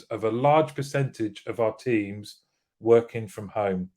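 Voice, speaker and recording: A man's voice: lowish voice, a little slow, warm tone. A British man hosting a casual live show, greeting viewers by name and joking as he reads their comments. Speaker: livestream host.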